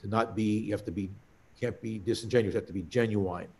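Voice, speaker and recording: Older man, halting storyteller. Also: lowish voice, fairly even intonation, creaky, darkish tone, a little hiss or hum. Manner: anecdotal, halting storyteller with many restarts. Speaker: cantor. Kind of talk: reminiscing conversation.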